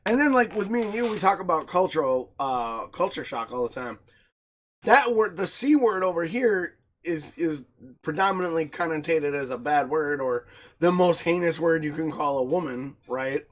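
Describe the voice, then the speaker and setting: A man from the United States hosts a podcast with a high, very lively voice that bounces all over. He laughs constantly and drops swear words casually as he chats. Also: moderate pace. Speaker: podcast host. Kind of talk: casual chat.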